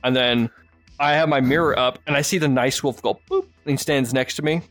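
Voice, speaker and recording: A man's voice: mid-range voice, brisk, fairly bright tone, dry recording, faint music behind. A man hosting a podcast, telling rambling stories with lots of swearing and laughter. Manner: rambling storyteller, swears freely, laughs often. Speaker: podcast host. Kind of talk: casual chat.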